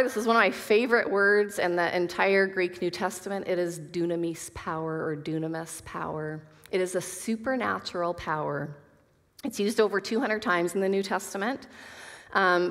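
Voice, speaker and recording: A woman's voice: mid-range voice, a bit bright. A woman teaching a Bible study to a women's group, earnest, reading scripture aloud with casual asides. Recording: long reverb of a hall.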